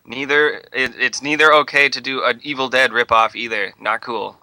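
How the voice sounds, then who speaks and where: A man's voice: mid-range voice, fairly even intonation, normal speed, bright, forceful tone, dry recording, low-quality recording. A man co-hosting a podcast in casual chat, reading out his sarcastic, profane movie notes and laughing often. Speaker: podcast co-host.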